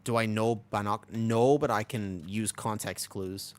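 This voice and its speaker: This Twitch streamer, a man in his twenties, has a lowish, steady voice and an unhurried pace. His casual live-stream talk is rambling and restless, with lots of restarts and an occasional curse.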